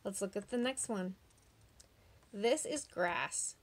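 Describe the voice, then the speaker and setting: A woman's voice: mid-range voice, expressive, slight background noise. A woman teaching young children phonics online, drawing out the sounds of words and asking patient, encouraging questions. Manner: slow, drawn-out sounding out of words.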